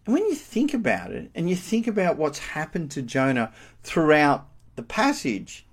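A man preaching a sermon, animated and emphatic, asking rhetorical questions. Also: on the high side, normal speed, breathy edge.

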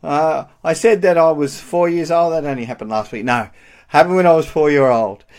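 A man preaching a sermon, animated and emphatic, asking rhetorical questions. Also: fairly high pitch, moderate pace.

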